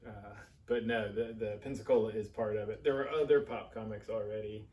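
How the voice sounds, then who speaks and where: A comic shop owner being interviewed, rambling and trailing off softly as he explains. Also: lowish voice, steady tone, brisk, lo-fi sound. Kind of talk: on-camera interview. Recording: distant mic with faint ambience.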